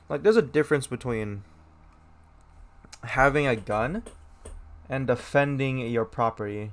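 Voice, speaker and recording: A young American man hosts a casual solo podcast, reading a news piece and then commenting on it. He talks bluntly and swears freely. He often stops mid-word to restart his sentences. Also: mid-range voice. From United States. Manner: blunt and profane, with many restarts and mocking voices. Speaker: podcast host.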